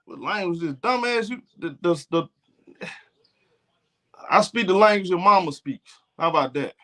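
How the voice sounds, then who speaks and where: A man's voice: high-pitched, lively intonation, measured pace, bright, forceful tone. A man from Alabama with a Southern accent, streaming casual live game talk in a blunt, profane, trash-talking way. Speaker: sports streamer.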